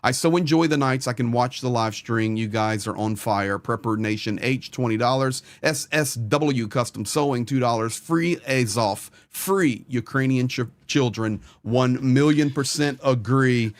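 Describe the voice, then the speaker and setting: Brief: a man at a desk mic, live-stream host, dry close sound, middle pitch. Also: dry recording. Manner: rapid rundown of names and amounts, earnest. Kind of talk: live stream chat, reading out donations.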